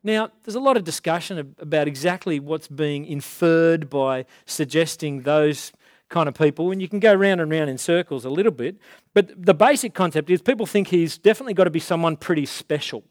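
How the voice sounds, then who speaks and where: Male preacher, relaxed and talky, leans on key words slowly; bright voice, dry close sound. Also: a little high, dry recording. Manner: casual, slows down to stress key words. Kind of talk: conversational sermon.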